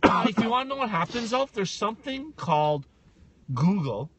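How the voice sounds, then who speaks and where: A man co-hosting a casual podcast chat, teasing his friend loudly and acting out voices. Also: high-pitched, normal speed, background noise. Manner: teasing, loud and animated, acts out quoted voices. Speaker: podcast co-host.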